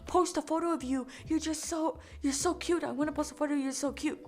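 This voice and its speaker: A man's voice: very high-pitched, fairly even intonation, a little fast, darkish tone, voice pushed up. A woman voicing a pushy young man who keeps pleading for a photo, repeating himself over and over. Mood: coaxing.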